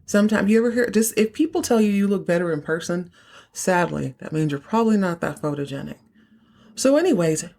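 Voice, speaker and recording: A woman hosts a casual recap podcast, her voice sitting a little low. She talks in a chatty way and drops playful asides into the story. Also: a little mellow. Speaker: podcast host.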